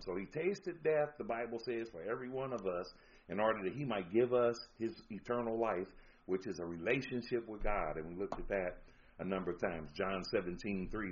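A man preaches a sermon, reading scripture verses aloud and pressing his points with emphasis, with lively intonation at a moderate pace. The recording is dull and low-fi with faint noise.

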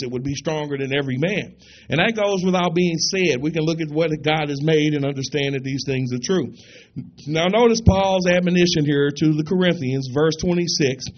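Emphatic preacher man, lo-fi sound. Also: a little high. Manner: emphatic, rhetorical questions, reads scripture slowly. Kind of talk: sermon. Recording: dull lo-fi recording.

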